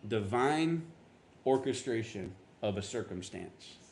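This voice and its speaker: A man's voice: lively intonation, slow, darkish tone. Conversational male preacher telling a story. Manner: conversational storytelling, acts out quotes with rising pitch. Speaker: pastor. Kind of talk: sermon.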